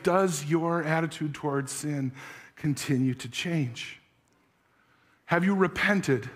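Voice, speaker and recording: A pastor preaching a sermon, earnest, asking the congregation searching questions. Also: male voice, fairly high pitch, a bit bright. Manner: tells a story with acted voices.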